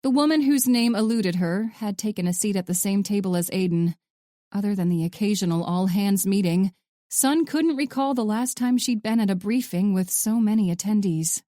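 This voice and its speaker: A woman narrating a thriller audiobook in a steady, sardonic storytelling voice. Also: medium pitch, moderate pace, no room sound, studio quality.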